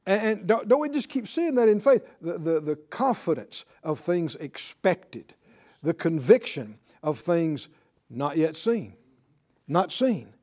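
Animated, high-voiced preaching man. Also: slow pace. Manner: lively preaching with frequent laughs and "right?" asides. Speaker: pastor. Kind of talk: sermon.

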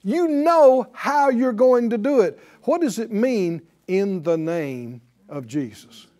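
A man preaching a sermon as pastor, animated and asking the congregation rhetorical questions. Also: high-pitched, slow pace.

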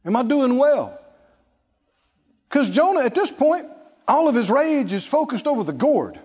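A man preaching a sermon, lively and playful, acting out scripture scenes with laughter. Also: very high voice, a little slow, slightly rough. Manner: animated, acts out Bible figures with laughter. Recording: lo-fi recording in a reverberant hall.

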